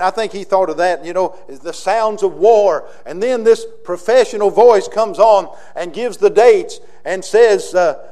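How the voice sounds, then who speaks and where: A Southern US pastor preaches with a notably high-pitched voice. He pushes some lines out loud and forceful, then drops to quiet, drawn-out phrases for emphasis. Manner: emphatic, swings between loud declarations and quiet slowed phrases. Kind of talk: sermon.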